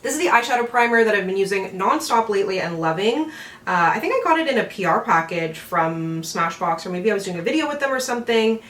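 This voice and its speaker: A woman's voice: mid-range voice, lively intonation, fast, fairly bright tone, recorded from a distance. A woman chatting in a giggly, rambling way as she does her makeup at home. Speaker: beauty vlogger. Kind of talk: get-ready-with-me makeup chat. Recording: roomy echo, from off the mic, faint room hum.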